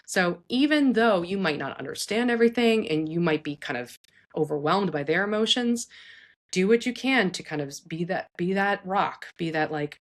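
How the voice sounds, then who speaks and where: A woman psychologist talks parents through hard situations in an earnest, chatty way. Her voice sits a little low, and she keeps checking in with listeners as she goes. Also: lively intonation, moderate pace. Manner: earnest, conversational, frequent "like" and "right?"; acts out quoted speech in shifted voices. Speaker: psychologist host. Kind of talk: advice talk to parents.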